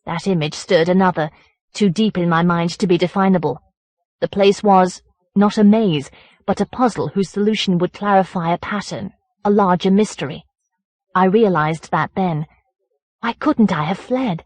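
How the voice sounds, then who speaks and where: A woman reading a first-person horror story aloud as an audiobook narrator, in a measured, deliberate way. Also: lowish voice, darkish tone, no echo.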